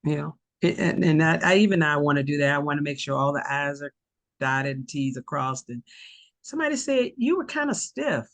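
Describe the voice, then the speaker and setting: A speaker with a warm Southern US drawl chats easily on a video call, laughing often and restarting sentences as the thoughts come. The sound is dry and close, with no room around the voice. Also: medium pitch, lively intonation, fairly quick, no echo. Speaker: teacher selling an online course. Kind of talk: casual video call chat.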